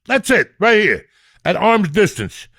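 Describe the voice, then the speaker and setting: A middle-aged man, telling crude comic stories in a loud, profane, animated way. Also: sits high, a little slow, slightly rough, no room sound, studio quality. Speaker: comedian and podcast host.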